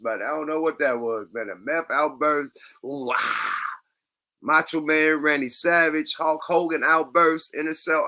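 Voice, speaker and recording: A man hosting a reaction show, talking in loose, profane casual commentary with street slang. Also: on the high side. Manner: animated, laughs loudly, loose street slang. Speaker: show host reacting to clips.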